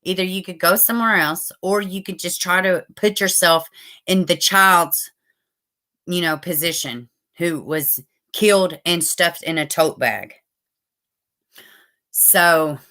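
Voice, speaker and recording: A woman's voice: on the low side, takes it slowly, sharp tone. A woman hosting a casual livestream, rambling and cursing as she talks straight to her viewers. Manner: loose and rambling, swearing, talking to viewers. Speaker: true crime livestream host.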